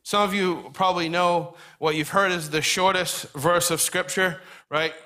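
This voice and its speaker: A middle-aged man gives a sermon in a relaxed, conversational manner and slips in friendly asides. His voice sits a little high and rings bright and clear. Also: unhurried. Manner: conversational, folksy preaching with asides. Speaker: pastor.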